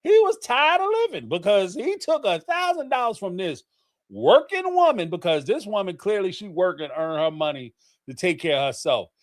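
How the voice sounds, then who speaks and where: Animated middle-aged male livestream host. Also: high-pitched, normal speed. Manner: animated, theatrical, laughing storyteller. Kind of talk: casual commentary.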